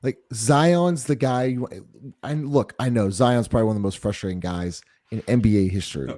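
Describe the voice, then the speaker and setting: A man's voice: mid-range voice, fairly quick, warm tone, dry recording, studio quality. A man co-hosting a live postgame sports show, talking casually and hedging with "like". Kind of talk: live sports talk stream.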